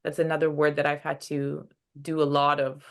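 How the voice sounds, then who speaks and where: A woman's voice: sits low, monotone. A woman being interviewed as a podcast guest, talking earnestly with many restarts and acted-out quotes. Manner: earnest, halting, acts out quoted dialogue. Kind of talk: casual interview chat.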